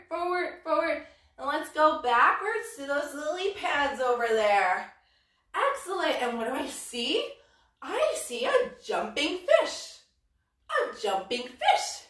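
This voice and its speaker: A woman's voice: high voice, a bit bright. A woman leading a story-led children's yoga class in a playful, sing-song way, full of cheerful exclamations. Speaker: yoga instructor. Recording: echoey room, voice from a distant mic.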